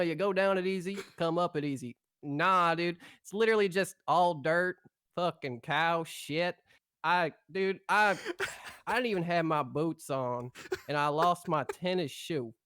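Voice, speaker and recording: A man's voice: high voice, measured pace, a bit bright, dry recording, studio quality. A man voicing a rowdy, rambling country man in a put-on Southern accent, drawling, cussing and ranting.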